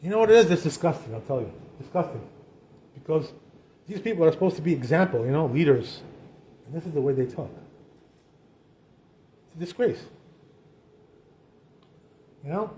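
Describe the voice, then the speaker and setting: A man giving an informal talk as a rabbi, chatty and animated, constantly adding "you know" and "right?". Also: fairly high pitch, moderate pace, long pauses, a little hiss or hum. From Israel. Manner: animated, acts out quoted voices.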